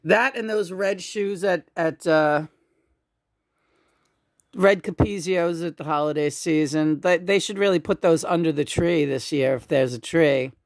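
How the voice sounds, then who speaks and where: A woman's voice: sits low, measured pace. A woman telling casual family stories at a home memorial in a rambling way, with many fillers and restarts. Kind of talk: casual storytelling.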